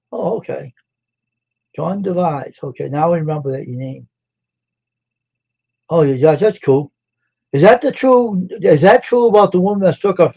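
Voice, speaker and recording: A man with a slightly high, gravelly yet mellow voice hosts a casual live stream, chatting with viewers and greeting and quizzing them by name. The recording has a dull, lo-fi sound.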